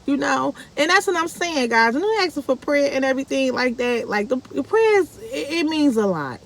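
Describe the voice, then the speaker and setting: A woman's voice: normal speed, hardly any pauses. Woman, chatty vlog storyteller who acts out every quote. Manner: animated, acts out quoted speech with big pitch jumps. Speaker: vlogger. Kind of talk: casual storytelling to viewers.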